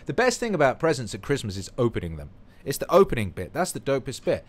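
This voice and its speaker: A man's voice: medium pitch, big pitch swings, quick pace. A man hosting a livestream, reading out viewer comments in a rambling, playful, profane chat. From United Kingdom. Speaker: livestream host.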